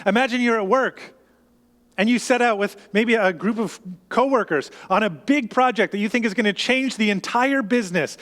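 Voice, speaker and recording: A man's voice: high voice, fairly bright tone. A man preaching a sermon as pastor, talking conversationally with restarts and acting out what the people in his story say. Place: church sanctuary. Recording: long church reverb.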